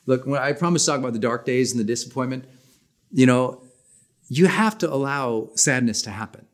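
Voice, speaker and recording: A man in his forties teaching a personal development class in an energetic, emphatic, conversational way. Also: mid-range voice, fairly quick. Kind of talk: motivational class talk.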